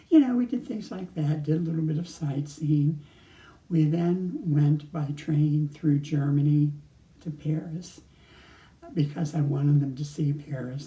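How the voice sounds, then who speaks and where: A man's voice: fairly high pitch, warm tone. An older man casually recounting travel memories, rambling with frequent restarts and chuckles. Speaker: storyteller. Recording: echoey room.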